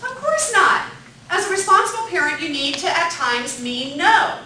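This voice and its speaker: Brief: high-voiced woman instructor, bright tone, echoey room, distant mic. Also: sing-song, moderate pace. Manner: upbeat, asks the group questions, repeats their answers. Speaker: parenting class instructor. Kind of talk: interactive classroom lecture.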